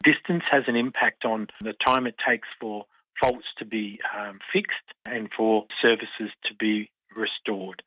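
Deliberate male academic on a phone line. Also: fairly low pitch, steady tone, no echo. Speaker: engineering professor, interviewee. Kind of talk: radio interview over the phone.

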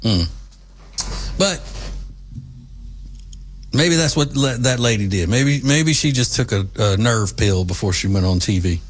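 A man's voice: medium pitch, animated, measured pace, long pauses. Folksy middle-aged man. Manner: rambling, conversational, folksy asides. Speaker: commentary show host. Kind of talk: casual political commentary monologue.

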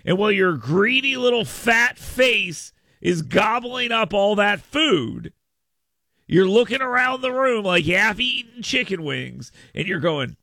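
Sarcastic ranting man with a gravelly voice. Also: sits high, animated, a little slow, bright, forceful tone, dry recording, studio quality. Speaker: political talk radio host. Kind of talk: opinionated talk radio monologue.

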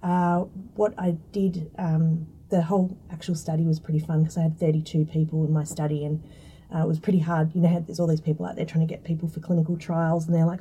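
A mellow, quite dark-toned woman with a slightly husky voice. She explains things in a relaxed, chatty way, full of ums and restarts. She sounds a little distant from the microphone. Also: fairly low pitch, fairly quick. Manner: chatty, explanatory, many fillers. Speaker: food scientist guest. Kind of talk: casual interview talk.

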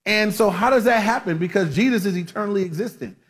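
A man's voice: high-pitched, fast, husky. A man pastor preaching a conversational sermon, often restarting his sentences and checking in with the congregation. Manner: conversational with many restarts and fillers; asks the congregation for amens.

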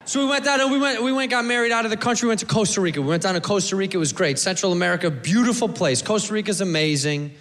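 A man's voice: high voice, racing, hardly any pauses, fairly bright tone, in a large hall, some chatter behind. A man doing a stand-up comedy set, telling a profane story and acting out the people in it. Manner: storytelling, profane, acts out characters.

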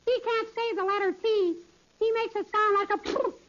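A man's voice: very high-pitched, fairly even intonation, normal speed, very noisy. A performer voicing an impish little boy in an old radio comedy. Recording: dull old radio recording.

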